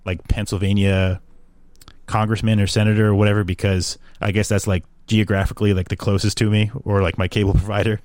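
A man's voice: on the low side, level tone, brisk, darkish tone, no echo. A young man from the New York area, talking in a rambling, sarcastic way with lots of fillers in casual chat.

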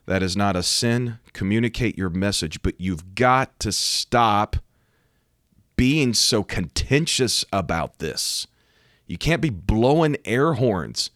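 An American man, a preacher, talking emphatically about faith and current events and rising to loud, animated outbursts. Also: on the low side, takes it slowly, no echo, clean studio sound. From United States. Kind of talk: preaching commentary to camera.

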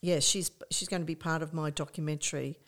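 An older woman, a guest in a casual interview, telling lively anecdotes with many restarts and fillers. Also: deep voice, fairly quick. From Australia.

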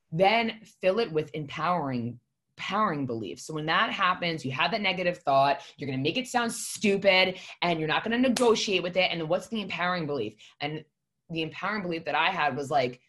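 A woman's voice: fairly low pitch, expressive, fairly quick, fairly bright tone. A woman telling a personal story in casual conversation, blunt and emphatic, swearing freely and speaking from the heart. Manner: heartfelt, confessional.

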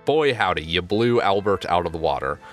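Deep-ish male game master, loose and chatty narration, faint music bed. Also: sing-song, brisk.

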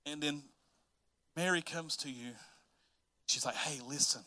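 A man preaching a sermon in an energetic, folksy way, often repeating himself and laughing. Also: fairly high pitch, a little slow. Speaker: pastor.

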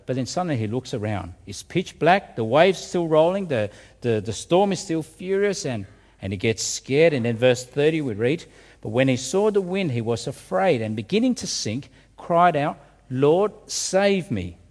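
A man's voice: fairly high pitch, sing-song, normal speed, a little mellow. A man preaching a sermon, asking rhetorical questions and often repeating words as he restarts. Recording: reverberant hall.

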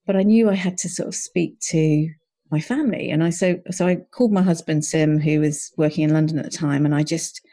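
Earnest, mellow-voiced woman telling her story. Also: low-pitched, brisk. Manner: earnest, reflective, often quotes her own thoughts. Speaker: podcast guest, coach. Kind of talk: personal storytelling.

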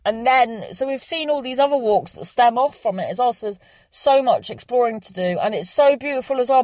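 A woman's voice: medium pitch, a little mellow, no room sound. Young woman, casual vlogger, rambling and sweary, dry in-car sound. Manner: rambling, swears freely, chatty. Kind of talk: casual chatty vlog monologue. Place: sitting in a parked car.

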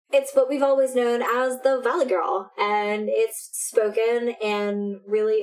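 A woman's voice: mid-range voice, fairly even intonation, unhurried, hardly any pauses, poor audio. A young adult woman co-hosting a casual chat from home, talking in a rambling way and restarting her sentences. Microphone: headphones with a mic.

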